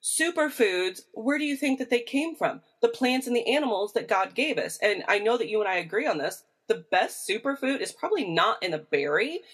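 A woman with a Midwestern American accent co-hosts a relaxed podcast. She talks in a chatty, animated way and keeps wandering into side notes. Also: on the high side, brisk, few pauses, breathy edge. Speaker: podcast co-host. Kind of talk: casual chat.

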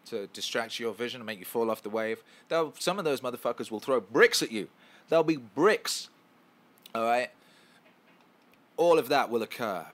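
A man's voice: on the low side, a bit bright. A man hosting a casual live stream, answering chat questions in an emphatic, profane, repetitive way.

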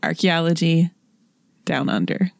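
A woman's voice: low voice, lively intonation, measured pace, gravelly, dry recording, studio quality. A woman co-hosting a casual podcast, trading jokey, playful banter. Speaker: podcast co-host.

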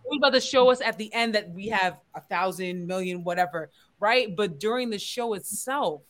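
A woman's voice: mid-range voice, moderate pace, a bit bright. A woman co-hosting a casual chat, asking pointed questions and insisting on her point. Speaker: podcast co-host.

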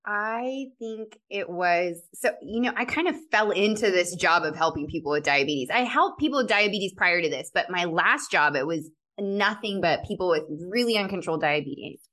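A woman's voice: on the low side, lively intonation, moderate pace, hardly any pauses, sharp tone. Earnest woman pharmacist telling personal stories on a podcast, reflective, laughs a lot. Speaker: guest, clinical pharmacist. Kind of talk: personal storytelling in a podcast interview.

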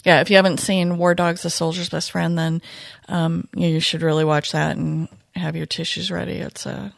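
Woman, low gravelly voice, reflective, halting, casual podcast chat, dry close sound. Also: flat delivery, dry recording. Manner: reflective, soft-spoken, many pauses and fillers. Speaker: retired police K9 unit handler, podcast guest.

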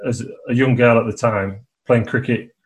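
A man's voice: medium pitch, steady tone, normal speed. A man hosting a podcast in casual chat, easygoing and self-deprecating. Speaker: podcast host, club captain.

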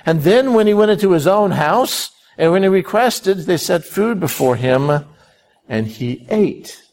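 Male preacher, sermon delivery, gravelly texture, dramatic storytelling with swings of pitch. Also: a little slow. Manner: storytelling, animated, with sudden rises and drops.

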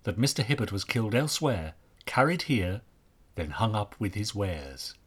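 A man reading as a stern Victorian inspector in an audiobook tale, low-voiced and husky. He questions with brisk authority and keeps a firm, serious hold on every word. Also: big pitch swings, fairly bright tone, full character voice. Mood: grave.

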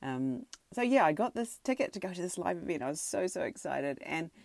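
A woman excitedly telling a personal story from home, full of fillers and restarts. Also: on the low side, brisk, vocal fry, dry recording. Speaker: podcaster sharing a personal story. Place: home, sitting on a tatami floor.

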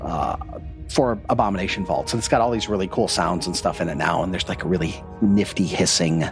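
Male game master, lowish voice, easygoing scene-setting narration with fillers, faint music behind. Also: brisk. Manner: relaxed, descriptive, with frequent "uh" fillers.

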